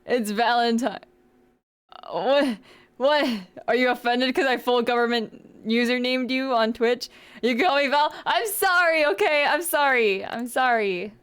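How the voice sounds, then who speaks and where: A woman's voice: on the high side, smooth. Giggly playful woman streamer. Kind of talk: casual live-stream chat.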